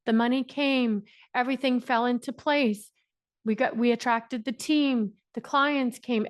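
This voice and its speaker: A woman's voice: on the high side, no room sound, clean studio sound. An Irish woman giving an emphatic, repetitive motivational talk to a group on a coaching call, laughing often. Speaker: business coach.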